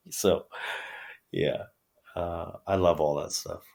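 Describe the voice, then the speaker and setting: Low-voiced man with a New York accent, relaxed interview guest who talks in loose, halting bits. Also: creaky. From upstate New York. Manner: easygoing, halting phrases. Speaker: guest, pro wrestler. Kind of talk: casual interview chat.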